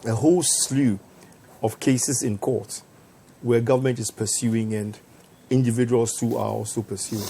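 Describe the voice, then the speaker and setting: A man, a TV panel guest who talks in a halting way, often repeating words, with good humour. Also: medium pitch, fairly even intonation, creaky, mellow, husky. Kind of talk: studio debate. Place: TV studio.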